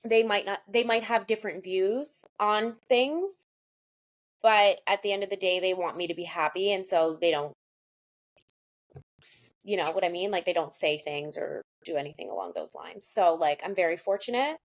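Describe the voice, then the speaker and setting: A woman's voice: medium pitch, expressive, normal speed. A woman in her thirties, a podcast guest, chatting casually and openly, peppering her talk with "like" and the odd swear word. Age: 30s. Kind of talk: casual chat.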